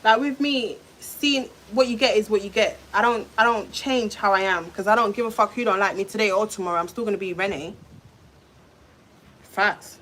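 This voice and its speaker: A woman's voice: mid-range voice, normal speed, a bit bright, a little hiss or hum. Heated young London woman ranting. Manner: heated, swearing, venting. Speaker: vlogger. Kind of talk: emotional storytime rant.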